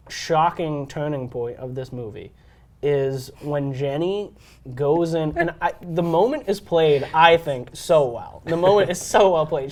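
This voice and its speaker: A man's voice: a little high, darkish tone. A young man co-hosting a podcast, chatting casually and enthusiastically about a movie, full of "like" and "um". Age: young adult. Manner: enthusiastic, filler-heavy with lots of "like" and "um". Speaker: podcast co-host. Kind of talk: casual film discussion chat.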